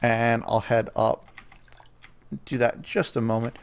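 A man's voice: medium pitch, level tone, measured pace, clear, resonant tone. A man casually commenting on his own gameplay, chatting to himself and scolding the animals in the game.

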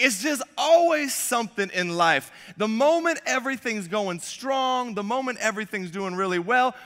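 Young male pastor, high bright voice, casual self-deprecating storyteller, church hall reverb. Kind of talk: sermon. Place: church sanctuary.

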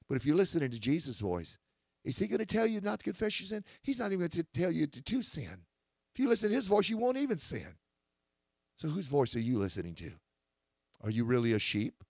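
A man preaching a critical sermon, quoting scripture and building to forceful outbursts. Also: fairly high pitch, wildly swooping pitch, a little fast, no echo, studio quality.

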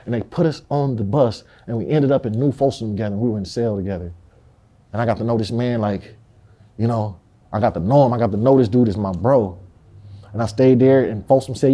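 Dark-voiced man from Compton telling his story. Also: medium pitch, brisk. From Compton, California. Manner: emphatic street slang with heavy profanity. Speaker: interviewee. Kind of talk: candid storytelling interview.

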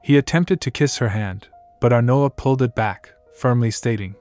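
A man narrating a story recap in a steady, plain manner. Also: mid-range voice, moderate pace, hardly any pauses, faint music behind.

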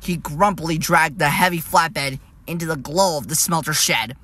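A man narrating a storybook tale in a plain, steady reading voice with small slips. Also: fairly high pitch, moderate pace.

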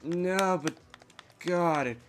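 Young man, gamer, slow, slightly high voice, frustrated and swearing. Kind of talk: let's play commentary.

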